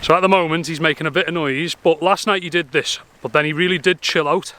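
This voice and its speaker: A man's voice: a little high, fairly even intonation, quick pace, sharp tone, a little hiss or hum. A man, vlogging casually outdoors while cycling with his dogs in a trailer and chatting to them. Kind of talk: casual vlog to camera.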